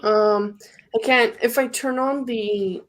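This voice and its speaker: A woman speaking quietly and hesitantly on a livestream call from a dark room at home. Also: a little high, fairly even intonation, takes it slowly. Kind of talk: casual livestream chat.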